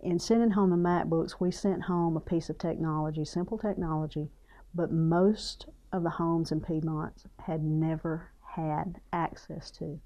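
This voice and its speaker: Gravelly woman, earnest. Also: sits low, steady tone, measured pace, dark tone. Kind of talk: documentary interview.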